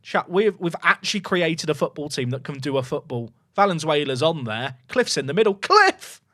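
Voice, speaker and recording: A young man streaming a football management game, talking to his chat in an excitable, jokey way that swings from loud cheering to muttered asides. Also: on the high side, fairly quick, dry recording, studio quality. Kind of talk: live gameplay commentary to chat.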